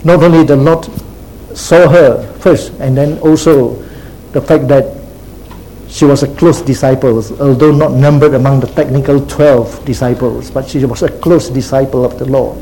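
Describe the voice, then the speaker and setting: A man's voice: medium pitch, fairly even intonation, moderate pace, dark tone, a little hiss or hum, low-quality recording. A man preaching a sermon as pastor, teacherly, repeating key phrases and checking in with "See?" and "Huh?".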